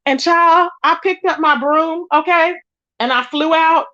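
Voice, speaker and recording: Woman, high voice, casual livestream host, chatty, animated, dull lo-fi sound. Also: measured pace, no room sound. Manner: chatty, greets viewers in the chat by name; animated, pitch jumps up when excited. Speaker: live-stream gossip host. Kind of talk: casual live-stream chat.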